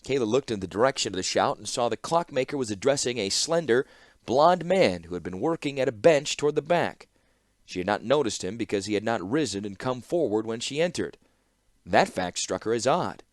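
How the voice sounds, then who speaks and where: A man narrating a fantasy audiobook with expressive storytelling. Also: medium pitch, a little fast, no echo, clean studio sound. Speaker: audiobook reader.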